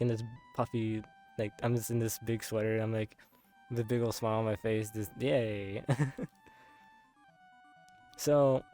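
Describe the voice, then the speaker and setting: A man's voice: medium pitch, a little mellow. A young man casually retelling a dream, rambling with many filler words and frequent laughs. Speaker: content creator.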